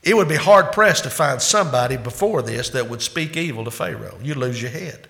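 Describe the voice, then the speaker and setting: Male pastor, sermon, bright and forceful voice, builds to loud peaks then drops low. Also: animated, a little fast, gravelly, hardly any pauses. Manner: emphatic preaching that swings between loud climaxes and hushed asides.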